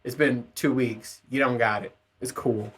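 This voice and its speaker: A man's voice: mid-range voice, fairly even intonation, measured pace, breathy edge. Male podcast host, mid-range voice, casual profane solo rant, rambling and laughing. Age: adult parent.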